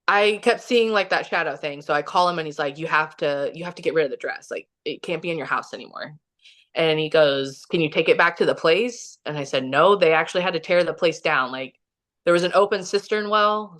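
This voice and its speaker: A woman's voice: deep voice, a bit bright. A woman, a podcast guest from Kansas City, telling a long personal story in a casual, rambling way with many fillers, acting out the quotes. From Kansas City, Missouri. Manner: rambling, filler-heavy, acts out quoted dialogue.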